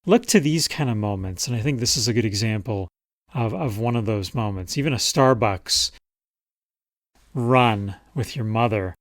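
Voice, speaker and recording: A man's voice: lowish voice, expressive, moderate pace, no echo, studio quality. A man talking casually as a writing coach, explaining memoir writing and reading passages from a client's work. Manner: conversational, reads passages aloud from a client's memoir. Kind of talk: casual teaching talk.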